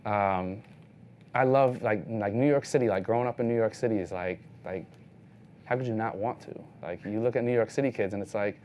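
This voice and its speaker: A man with a lowish voice shares street photography stories in an easygoing, rambling way. His speech is packed with "like", and he acts out the people he meets. There is a faint hiss behind him. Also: a little fast, darkish tone. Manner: loose storytelling, heavy use of "like", acts out other people's lines. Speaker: street photographer giving a talk. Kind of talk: casual anecdotal presentation.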